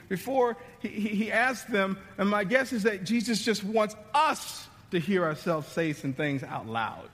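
Male pastor, light high voice, chatty preaching that drops to near-whispers, echoing church hall. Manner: conversational, dramatic preaching with sudden drops to hushed tones. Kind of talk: sermon.

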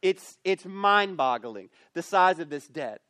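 A man preaching a youth camp sermon, storytelling and acting out characters in an animated way. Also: a little high, a little slow, no echo. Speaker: youth pastor. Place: camp meeting space.

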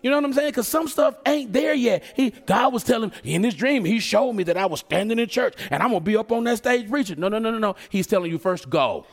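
A man preaching a sermon in a conversational, joking way, slipping into quick acted asides. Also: high voice.

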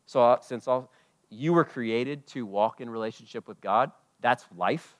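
A man preaching a sermon at a church service, impassioned, swinging between loud declarations and hushed asides. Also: medium pitch, moderate pace. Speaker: pastor.

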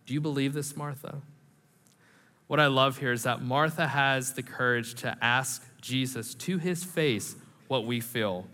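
A man preaching a sermon in a church, animated and conversational, with self-deprecating humor. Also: medium pitch, unhurried. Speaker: pastor. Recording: reverberant hall.

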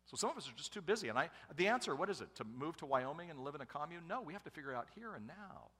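Lively, bright-voiced man preaching in a hall. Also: on the high side, very fast, husky. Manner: humorous, conversational preaching with asides to the congregation. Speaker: pastor and family speaker. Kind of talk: sermon.

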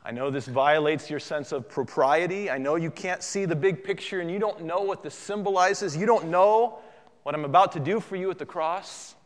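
A calm, reassuring divine teacher who speaks softly and earnestly, as a preacher puts him on. The voice is a touch high and trails into a long hall reverb. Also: male voice, normal speed, lightly acted. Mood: gentle. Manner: soft and pleading.

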